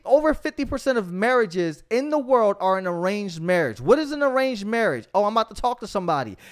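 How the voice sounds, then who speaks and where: Fervent high-voiced preacher man. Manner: fervent, exhorting, frequent "come on". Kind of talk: sermon-style podcast teaching.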